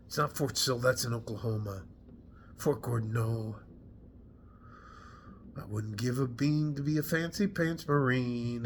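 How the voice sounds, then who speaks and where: Halting, rambling middle-aged male veteran. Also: medium pitch, fairly bright tone, a little hiss or hum. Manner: rambling, halting, swears, loses his train of thought. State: foggy from allergy medication. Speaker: army veteran vlogger. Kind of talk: emotional casual talk to camera. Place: at home indoors.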